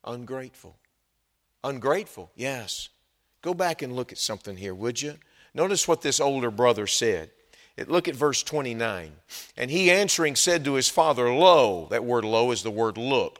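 Preacher shouting and dropping to asides. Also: male voice, mid-range voice, long reverb tail. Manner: swings from soft asides to shouted emphasis. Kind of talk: sermon.

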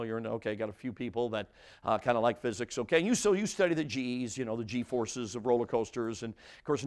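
An older man preaching a sermon to a congregation, telling a humorous story and often asking the audience questions. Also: medium pitch. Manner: animated, audience-engaging, frequent restarts and asides. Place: church before a congregation.

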